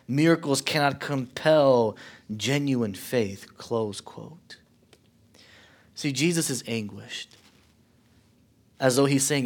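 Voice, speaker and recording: Man, pastor, sermon, impassioned preaching, builds on questions, drops low on quotes, mid-pitched voice. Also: slow, long pauses.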